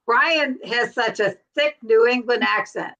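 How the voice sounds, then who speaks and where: A woman's voice: fairly high pitch, a bit bright. Chatty woman hosting a live stream. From Cincinnati, USA. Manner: chatty, laughs often, quick asides. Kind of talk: casual chat.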